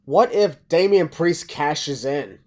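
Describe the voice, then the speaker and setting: A man's voice: a little high, animated, slow. A man in casual podcast chat, playful and teasing. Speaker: podcast guest.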